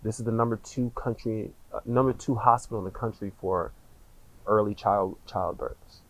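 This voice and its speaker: Casual, cursing man with a lowish voice. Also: steady tone, moderate pace, low-quality recording. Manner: casual and slangy, swears freely, hesitant restarts. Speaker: podcast guest. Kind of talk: candid personal storytelling in conversation.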